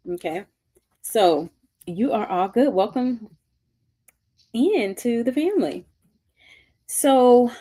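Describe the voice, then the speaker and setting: A woman's voice: on the low side, dark tone. A woman hosting a live-stream book discussion, reading passages aloud and chatting upbeat with commenters. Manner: chatty, reads aloud and answers chat comments; upbeat and gushing. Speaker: book club host.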